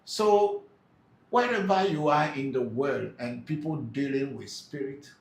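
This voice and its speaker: With lively intonation and a slightly slow pace, this man's mid-range voice guides a live question-and-answer session. He's a spiritual teacher reading viewer comments and explaining patiently, often hesitating. The room echoes, and there's faint background noise.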